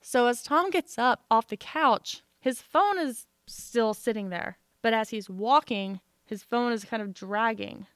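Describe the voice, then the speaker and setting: A young woman co-hosts a relaxed podcast, telling a story and cracking up as she goes. Her voice is smooth and clean, set a little high. It is recorded close on a dry microphone. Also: unhurried, hardly any pauses, no echo. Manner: animated, laughs through her own story. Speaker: podcast co-host. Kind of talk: casual storytelling chat.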